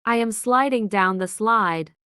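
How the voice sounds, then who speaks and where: A woman reading short example sentences for a vocabulary lesson in a plain, measured way. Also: mid-range voice, bright, forceful tone, no echo, studio quality. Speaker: vocabulary teacher.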